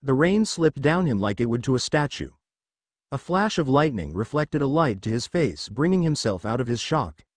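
A man reading fan fiction aloud as narrator, in a steady storytelling manner. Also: medium pitch, moderate pace, no room sound.

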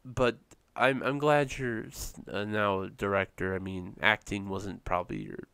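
Fairly low in pitch with lively intonation, this co-host's voice is clear and resonant, with vocal fry and a sharp edge. He talks at a moderate pace in a casual, rambling podcast chat, restarting often and using lots of fillers, with no echo.

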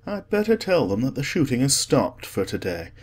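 A man voicing an urbane, cynical aristocrat who speaks in a calm, dismissive way in an audiobook. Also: medium pitch, moderate pace, breathy edge.

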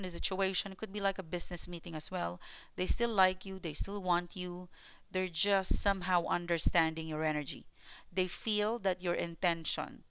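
A woman's voice: fairly low pitch, vocal fry, a bit bright, clean tone, dry recording. A woman with a mixed Filipino and New Zealand accent, giving a tarot reading to viewers in a repetitive, reassuring way. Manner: repetitive and reassuring, often adding "okay?". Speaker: tarot reader.

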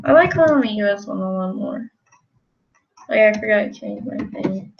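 A woman's voice: mid-range voice, animated, moderate pace, vocal fry, dull audio, slight background noise. A woman live-streaming a game, rambling casually to her chat as she plays. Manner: rambling, talks to chat while playing.

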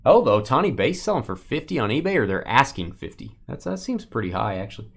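A man in the middle of a live card break, chatting loosely with his co-host. He calls out each card as it comes, jumping up in pitch when something good lands. His voice swings around a lot. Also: fast, gravelly, breathy edge. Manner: bantering, calls out cards with bursts of excitement.

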